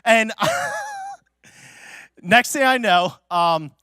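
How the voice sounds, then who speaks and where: A male pastor preaching a sermon through a personal story, chatty and full of fillers, with sudden excited exclamations. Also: sits high, very slow, clean tone, no echo, clean studio sound. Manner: casual and chatty, many fillers like "like" and "you know"; animated, bursts into loud excited exclamations.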